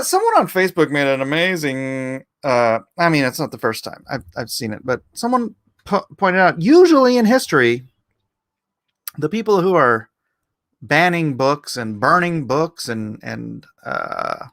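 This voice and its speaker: A man's voice: high voice, a bit bright. A man hosting a live stream, chatting casually and rambling, who jokes and slips into goofy cartoon impressions. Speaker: host.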